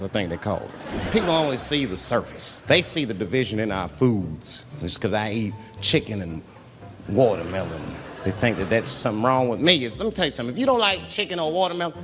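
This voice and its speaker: A middle-aged man doing stand-up comedy on stage, telling loose, profane stories full of acted-out quotes. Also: on the high side. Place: comedy stage before a live audience.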